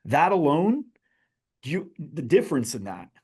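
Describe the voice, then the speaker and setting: A man guesting on a podcast, telling a parable in an animated way and asking his listeners questions. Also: on the high side, measured pace, slightly rough. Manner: animated storyteller who addresses his listeners directly. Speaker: guest, business author. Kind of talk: podcast storytelling.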